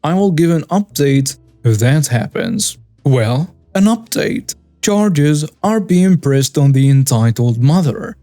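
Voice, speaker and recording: Male narrator for story videos; steady, even read, dry close sound. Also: on the high side, slow, few pauses, dry recording, soft background music. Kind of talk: scripted narration.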